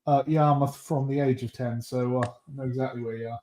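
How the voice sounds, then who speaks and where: A man's voice: medium pitch, fairly even intonation, brisk, darkish tone. Norfolk man hosting in a roomy space. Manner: easygoing, swears casually. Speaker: host of a live modelling stream. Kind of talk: casual chat.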